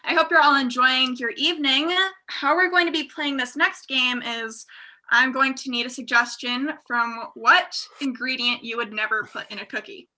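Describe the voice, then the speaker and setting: Woman, improv host, high and very bright voice, brisk comic delivery. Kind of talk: improv comedy game.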